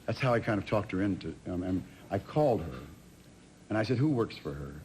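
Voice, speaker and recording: A man in his fifties telling a rambling anecdote as a talk show guest, halting and restarting often. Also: lowish voice, lively intonation, a little mellow. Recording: TV studio with audience noise.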